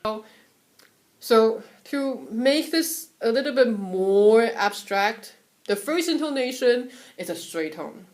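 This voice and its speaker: A young woman from Taiwan giving a casual, chatty lesson on Mandarin tones at home, sometimes singing syllables to show the pitches. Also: slow, faint music behind. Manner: relaxed, chatty, breaks off to soothe her cat; sings syllables and solfege to demonstrate tones. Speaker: Mandarin tone teacher.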